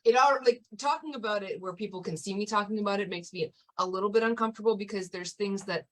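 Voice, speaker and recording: A woman's voice: medium pitch, fast. A woman co-hosting a podcast, talking casually and thoughtfully, hedging and laughing often.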